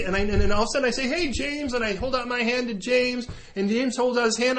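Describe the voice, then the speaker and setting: A man preaching a sermon, telling an illustrative story and acting out both sides of the dialogue. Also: sits high. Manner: animated storytelling, switching between characters' voices. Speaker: pastor.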